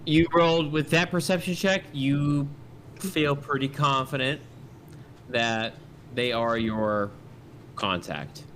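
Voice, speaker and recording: A man's voice: mid-range voice, slow, fairly bright tone, slight background noise. A man narrating as game master in a casual, rambling way, full of fillers.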